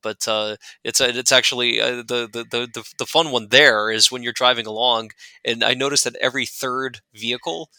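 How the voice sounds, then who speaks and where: Gravelly rambling man, bright tone. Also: mid-range voice, steady tone, normal speed, no echo. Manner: rambling, many fillers and restarts. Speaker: guest glider pilot. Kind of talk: casual interview chat.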